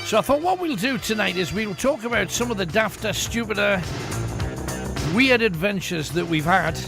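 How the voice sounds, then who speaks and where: A chatty, joking man hosts a late-night radio phone-in, his voice pitched high. He coaxes callers along in a loose, friendly patter. Music plays clearly behind him. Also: expressive, normal speed. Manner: chatty, jokey, coaxing.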